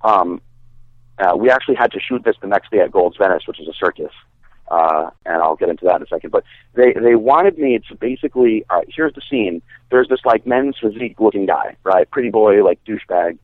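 A man's voice: on the low side, animated, a little fast, no room sound. A man, a bodybuilder guest, telling a story in a casual, rambling way, full of fillers and swearing. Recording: dry, tinny phone-like sound.

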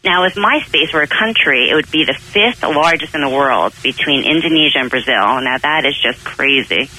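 A woman with a Long Island accent co-hosts a radio chat, upbeat and eager. Her voice is very bright and sharp. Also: low voice, lively intonation, moderate pace, rough recording. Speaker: radio co-host.

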